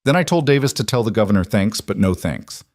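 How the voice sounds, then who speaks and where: A man doing a weary old-west lawman turned family man, steady and solemn, in a low, grounded voice. The recording is close and completely dry. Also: brisk, no room sound. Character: weary, devoted former lawman and husband.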